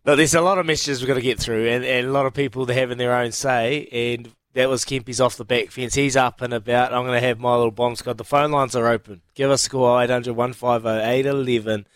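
Brief: New radio host, emphatic and halting, dry close sound. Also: male voice, medium pitch, fairly even intonation, clear, resonant tone, no room sound. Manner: emphatic, drawn-out, halting restarts. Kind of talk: sports radio talk.

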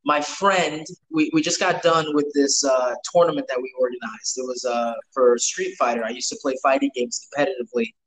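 A man's voice: mid-range voice, fairly quick, hardly any pauses, a bit bright, slight background noise, rough recording. Rambling New guy telling stories. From New York. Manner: rambling, profane, lots of restarts. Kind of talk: casual storytelling chat.

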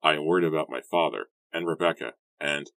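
A brooding young man talks in a subdued, gloomy way, as a man reads him aloud. His voice is very deep and dry. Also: a little fast, vocal fry, a bit bright, dry recording, exaggerated voice.

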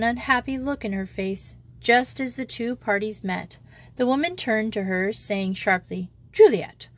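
A woman narrating a children's novel as an audiobook reader, giving the characters' lines small lifts in pitch.

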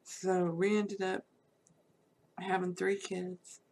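A middle-aged woman with a drawl tells a personal story in a relaxed, unscripted way. Her voice has a gravelly rasp at mid pitch, and she speaks bluntly, peppering her account with fillers. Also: takes it slowly, slight background noise. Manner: candid and salty, with frequent fillers and laughs. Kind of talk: personal life story told casually.

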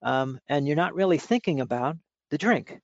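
Gravelly-voiced man coaching calm focus. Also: fairly high pitch, moderate pace, no room sound. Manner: relaxed, instructive, many "you know" fillers. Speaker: mindfulness coach and author, guest. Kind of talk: explanatory interview talk. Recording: dull lo-fi audio.

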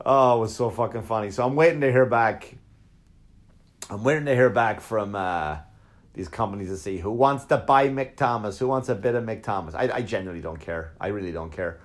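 Dude comedian rambling through a story, swearing a lot, average pitch, does little voices of people. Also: male voice. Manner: profane, rambling, mimics others in quotes. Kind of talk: casual storytelling.

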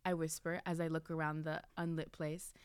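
A woman's voice: deep voice, level tone, moderate pace, clear, resonant tone, no echo. A young woman hosting a casual chat, reading fan fiction aloud in a teasing, giggly way.

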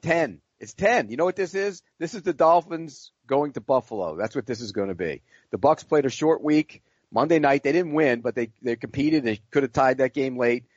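A man's voice: mid-range voice, expressive, normal speed, few pauses, no echo. A man co-hosting a sports podcast, talking in a blunt, matter-of-fact way. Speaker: podcast co-host. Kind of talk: casual sports betting talk. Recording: dull lo-fi audio.

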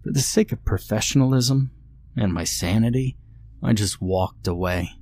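A man narrating a first-person horror story in a measured, bitter tone. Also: lowish voice, a little mellow, slight background noise.

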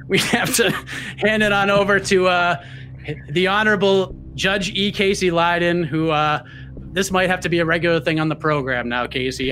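A man's voice: high-pitched, a bit bright, a little hiss or hum. A man moderating a casual podcast, running it with upbeat game-show pacing.

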